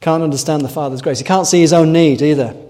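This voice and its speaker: A man's voice: fairly high pitch, fast, dark tone. A man preaching a sermon in an earnest way, often asking rhetorical tag questions, recorded in a large church hall. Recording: long echoing hall reverb.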